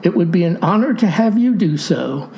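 Woman playing an earnest male president, eager, polite, lively. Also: on the low side, moderate pace, slight background noise.

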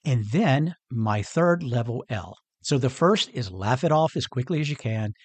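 A man's voice: mid-range voice, lively intonation, a little slow, slightly rough, no room sound. A man hosting a motivational podcast on his own, talking earnestly and conversationally and chuckling often. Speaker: podcast host. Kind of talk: motivational solo podcast talk.

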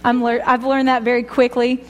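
A woman's voice: fairly high pitch, completely flat delivery, normal speed, long reverb tail. A woman sharing a personal faith testimony, rambling and chatty, often laughing at herself. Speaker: speaker giving a testimony.

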